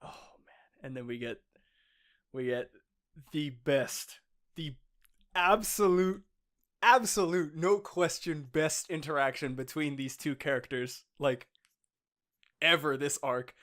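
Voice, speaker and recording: This is an excitable man co-hosting a podcast, with a voice pitched a touch higher than most men's. He laughs often and swears freely. He acts out the lines he retells. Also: slow pace, long pauses. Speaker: podcast co-host. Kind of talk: casual chat.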